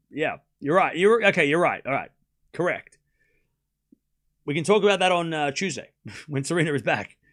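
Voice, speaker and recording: A man's voice: sits high, bright, forceful tone. A young Australian man giving casual live tennis commentary on a stream, chatting with his viewers and laughing often. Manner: chatty, reads chat aloud, laughs often.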